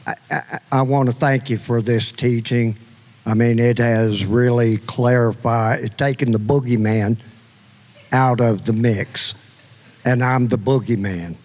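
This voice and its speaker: A man in the audience talks slowly through his thought in a casual discussion. He stops and restarts his sentences as he goes. His voice sits in a middle range. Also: medium pitch, fairly even intonation, a little mellow. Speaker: congregant asking a question.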